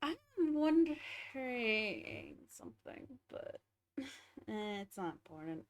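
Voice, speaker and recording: Giggly high-voiced young woman streamer. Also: very animated, slow pace. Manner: giggly, chatting to her pets. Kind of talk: casual chat during a game stream.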